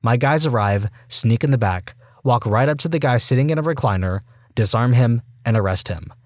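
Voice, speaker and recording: A man reading reddit stories aloud in an even, steady voice. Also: mid-range voice, normal speed, dry recording, studio quality. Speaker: reddit story narrator.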